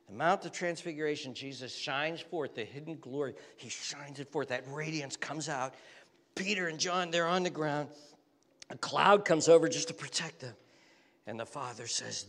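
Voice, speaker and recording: A male pastor preaching a sermon with passionate repetition, dropping to hushed whispers at times. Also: fairly high pitch, moderate pace. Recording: long hall reverb.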